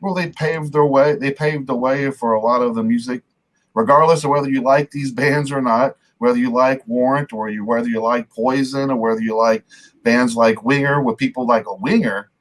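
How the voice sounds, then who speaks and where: A man's voice: mid-range voice, fairly even intonation, moderate pace. A middle-aged man hosting a casual rock podcast, talking loosely and swearing now and then. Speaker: podcast host. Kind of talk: casual chat.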